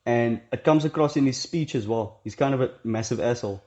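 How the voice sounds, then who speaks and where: A man's voice: mid-range voice, dark tone. A young man hosting his own self-help channel, talking in a blunt, profane, rambling way and often mimicking other people's voices. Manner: blunt, profane, rambling, quick shifts into mocking quoted voices. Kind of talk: casual monologue to camera. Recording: dull lo-fi recording.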